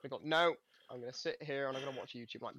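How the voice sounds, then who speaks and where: A man's voice: mid-range voice, very fast, fairly bright tone, dry recording. A young man co-hosting a casual podcast chat, teasing, with stammered restarts. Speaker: podcast co-host.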